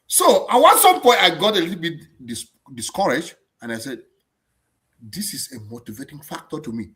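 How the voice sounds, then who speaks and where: Chatting animatedly on a live stream, a non-German-born man speaks at normal speed in a voice that sits a little high, bright and forceful, with wide pitch swings. He frequently repeats words and starts sentences over.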